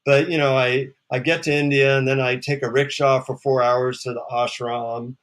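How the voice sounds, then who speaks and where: A man, a psychotherapist and author, telling a relaxed, wry anecdote as a guest in a casual interview. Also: mid-range voice, moderate pace.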